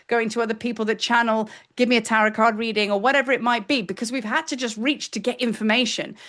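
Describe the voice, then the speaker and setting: A woman in her fifties talks through a spiritual lesson in a casual, chatty way, acting out her own thoughts as she goes. Her voice sits a little high for a woman. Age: 50s. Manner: animated, chatty, acts out her own inner voice. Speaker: spiritual teacher. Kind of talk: casual spiritual teaching talk.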